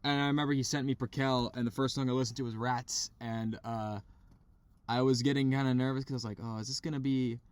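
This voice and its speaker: A man co-hosting a podcast from a parked car, chatting casually and excitedly about albums, swearing freely. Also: medium pitch, quick pace, smooth. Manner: excitable, swears, imitates vocals. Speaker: podcast co-host. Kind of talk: casual chat.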